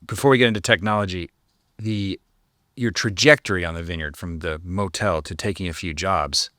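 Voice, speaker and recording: A man hosting a podcast, asking short follow-up questions in a relaxed interview. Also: low voice, normal speed, no room sound, studio quality. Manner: brief backchannels and follow-up questions. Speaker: podcast host. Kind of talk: casual interview.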